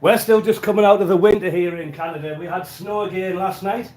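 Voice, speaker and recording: A man's voice: high-pitched, steady tone, brisk, darkish tone, echoey room. A man with an English accent, hosting a live cooking stream, chatting and answering viewers, with a stuffy nose and an occasional cough. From England. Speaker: cooking livestream host. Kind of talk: casual live-stream chat while baking. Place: small home kitchen.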